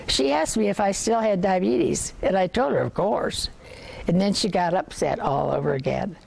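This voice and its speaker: An older woman reading a novel aloud to listeners, measured, with occasional slips and restarts. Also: medium pitch, gravelly, darkish tone. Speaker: reader.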